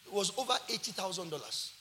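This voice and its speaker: A Nigerian man preaching with real energy, his voice sitting high and ringing bright. He mixes in Yoruba phrases and rises to shouts when he drives a point home. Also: quick pace, a little hiss or hum. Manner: animated, switches into Yoruba phrases, shouts for emphasis. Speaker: pastor. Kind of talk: sermon.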